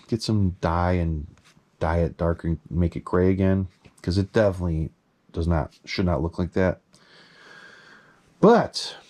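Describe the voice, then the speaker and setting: A man casually showing off his mask collection, talking excitedly in a rambling way and swearing now and then. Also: lowish voice. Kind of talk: casual show-and-tell vlog.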